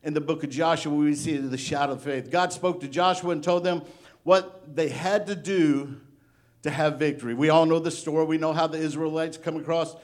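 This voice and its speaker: Man, pastor, middle-aged, sermon, slightly high voice, animated, playful. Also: moderate pace.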